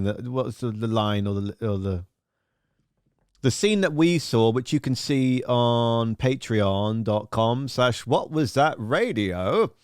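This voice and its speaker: A man's voice: medium pitch, dry recording, studio quality. A man hosting a live radio stream, chatting casually and telling a rambling, profane, jokey story full of silly acted-out voices.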